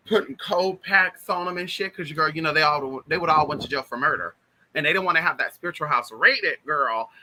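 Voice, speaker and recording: A man telling spiritual stories in an animated, chatty way, talking straight to his listeners. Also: a little high, a little hiss or hum, low-quality recording. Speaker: spiritual vlogger. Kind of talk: casual spiritual storytelling.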